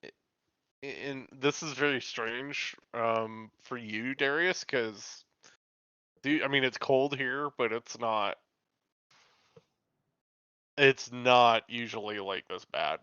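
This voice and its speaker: A man running a tabletop game as game master, narrating in a relaxed, hesitant way over dull, lo-fi call audio. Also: mid-range voice, slow pace, long pauses, smooth, dry recording.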